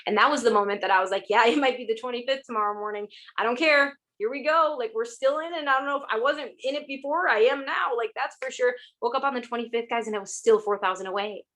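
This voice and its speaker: A young woman telling her team a motivational story about sales, talking quickly with many "like"s and "oh my gosh"es. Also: a little high, fairly bright tone. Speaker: network marketing distributor.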